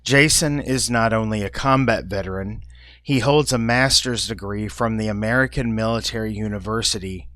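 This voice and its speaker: A man reading a scripted introduction in an even, read-aloud way. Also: fairly low pitch, normal speed, dry recording. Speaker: narrator of the introduction.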